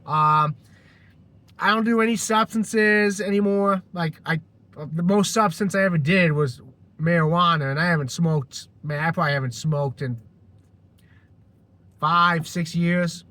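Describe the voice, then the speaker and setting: Male vlogger, high bright voice, casual rant, stumbles and restarts, lots of cursing. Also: a little slow. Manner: rambling, restarts a lot, heavy swearing. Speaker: vlogger telling a personal story.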